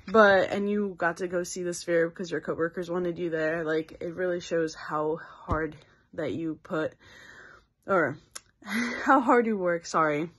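A young woman recording a heartfelt video message on her phone, halting and earnest with many pauses. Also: on the low side. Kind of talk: self-filmed video message. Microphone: phone held by speaker.

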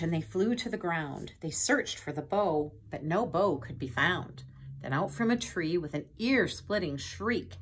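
A woman reading a picture book aloud to children, pausing to point at pictures and ask them questions in a gentle way. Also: low-pitched, slight background noise. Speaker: storytime reader. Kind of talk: children's storytime read-aloud.

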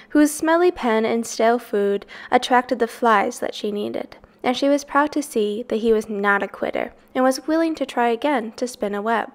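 Woman softly reading a children's story. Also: a little high. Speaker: reader. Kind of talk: reading a children's novel aloud.

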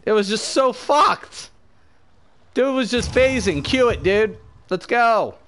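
A high-pitched young man talking straight to his chat while he plays. He swears freely and rants at viewers. His commentary is raw and profane. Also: animated, slow, fairly bright tone. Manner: profane, ranting, addressing chat. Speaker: game streamer. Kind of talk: live gameplay commentary.

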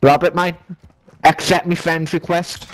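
A man with a Scouse accent on in-game voice chat, excitable and repeating himself. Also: on the high side, a little slow, slight background noise. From Liverpool, England. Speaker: other player on voice chat. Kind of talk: gaming chat over voice comms.

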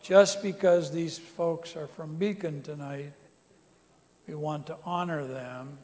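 A man preaching to a congregation, animated and rising to loud emphatic calls. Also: on the high side, slow. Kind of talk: sermon to a congregation. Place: conference center hall. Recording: long reverb of a large hall.

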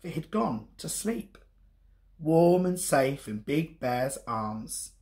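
Gentle, slow-paced man reading a bedtime story. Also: fairly high pitch. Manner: warm, gentle and expressive. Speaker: teacher reading to children.

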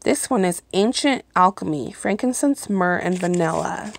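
A woman's voice: lowish voice, expressive, normal speed, creaky. A woman chatting casually through a home unboxing on her phone, gushing and apologetic, often stretching out her words. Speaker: vlogger reviewing products. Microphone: phone held in hand, then set down.

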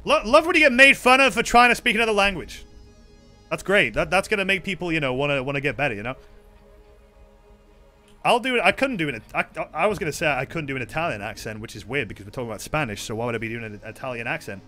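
High, bright-voiced joking male streamer. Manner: joking, rambling, talks to chat. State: tired. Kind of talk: casual live-stream chatter while gaming.

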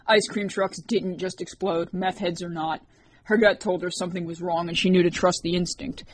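A woman's voice: on the low side, steady tone, normal speed, slight background noise. A woman narrating an audiobook chapter, reading the characters with their own voices. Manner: reads characters with distinct voices.

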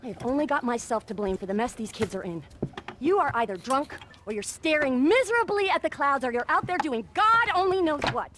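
An actress playing an exasperated, wealthy middle-aged wife in a video game cutscene, scolding and profane. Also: female voice, high voice, animated, a little fast, noisy background.

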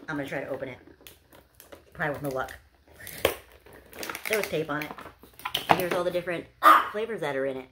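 A woman's voice: deep voice, fairly quick, long pauses, very noisy. Bubbly woman gushing over an unboxing. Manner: bubbly, gushing, chatty with many "like"s. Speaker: unboxing vlogger. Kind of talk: casual unboxing chat to camera.

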